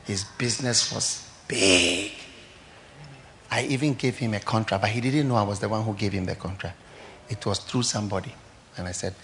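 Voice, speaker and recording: A pastor, preaching a sermon and telling stories, swinging between loud declarations and hushed asides. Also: male voice, lowish voice, moderate pace, pauses often, a little hiss or hum.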